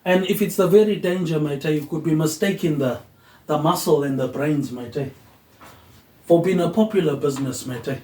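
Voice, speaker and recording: A man hosts a rambling philosophical monologue. His train of thought drifts loosely, and he closes nearly every phrase with a quieter tag word. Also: a little high, moderate pace. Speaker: host. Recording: echoey room.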